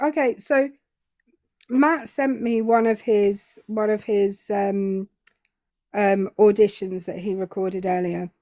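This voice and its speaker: A woman's voice: medium pitch, mellow, no echo, clean studio sound. A woman co-hosting a live stream, chatting casually and teasing the viewers. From Britain. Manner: teasing, bossy with the chat. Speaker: stream co-host. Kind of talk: casual chat.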